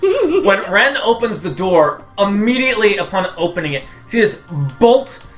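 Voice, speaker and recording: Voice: medium pitch, big pitch swings, moderate pace, soft background music. A game master narrating a tabletop game in a casual, filler-heavy way.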